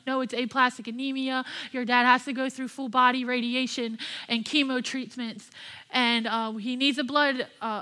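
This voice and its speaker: Young woman preacher, high bright voice, candid and impassioned testimony. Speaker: pastor and worship leader. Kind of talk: sermon.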